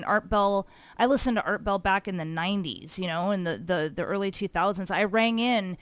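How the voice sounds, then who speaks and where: A woman's voice: mid-range voice, dry recording. A woman hosting a podcast, chatting casually with many fillers. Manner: chatty, filler-heavy, laughs easily. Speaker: podcast host. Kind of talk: casual chat.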